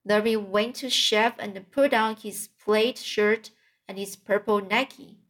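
A woman's voice: medium pitch, steady tone, unhurried, a bit bright. A woman narrating a children's storybook aloud, reading carefully with occasional slips and restarts. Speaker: audiobook reader.

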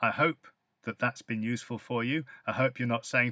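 A man's voice: medium pitch, normal speed, bright, forceful tone, no echo. A man with a British accent, teaching English phrases in a podcast lesson and explaining each one with example sentences.

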